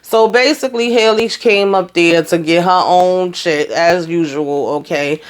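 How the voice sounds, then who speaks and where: A man giving a casual recap of a TV episode, telling it in an animated, rambling way with lots of fillers. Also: high-pitched, unhurried, clear, resonant tone. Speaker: TV show reviewer.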